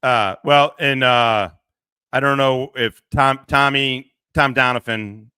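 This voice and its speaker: A man's voice: mid-range voice, fairly even intonation, slow, pushed and bright, clear, resonant tone, no echo. A middle-aged man hosting a casual livestream, rambling, swearing and laughing often into a close mic. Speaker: livestream host.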